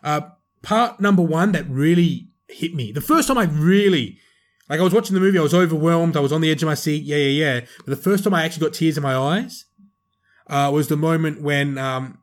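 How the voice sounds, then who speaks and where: A man co-hosting a film podcast, talking in an animated, rambling way with strong emphasis. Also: fairly high pitch, a little fast. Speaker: podcast co-host, film reviewer. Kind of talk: casual chat.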